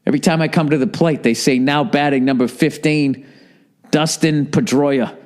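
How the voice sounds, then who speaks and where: An exasperated young ballplayer, put on by a man retelling a story, pleads in disbelief. The voice rides a little higher than the teller's own, with a fed-up, incredulous push. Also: steady tone, normal speed, darkish tone, natural voice.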